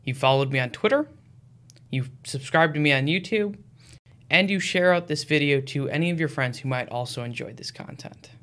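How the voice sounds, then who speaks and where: Male podcast host, eager, stumbles over words, fairly high voice. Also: normal speed. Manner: eager, stumbles and repeats words when excited. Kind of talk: interview host, scripted intro.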